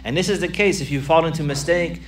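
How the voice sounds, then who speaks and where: A man's voice: a little high, fast talker, distant mic. Earnest male preacher, set back from the mic. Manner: earnest, repetitive, emphatic. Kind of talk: sermon.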